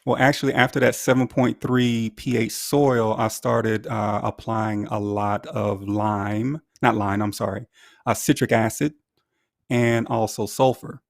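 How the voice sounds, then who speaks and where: A man's voice: fairly low pitch, flat delivery, unhurried, vocal fry, no echo, studio quality. A man, a guest on a casual podcast, talking in a rambling way with many fillers and self-corrections. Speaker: guest lawn owner.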